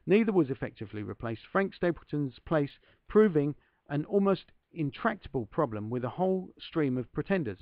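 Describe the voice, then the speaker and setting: A man's voice: on the high side, big pitch swings, normal speed, no echo, lo-fi sound. A man hosting a podcast, reading a book passage aloud and breaking off for self-deprecating asides to his listeners. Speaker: podcast host.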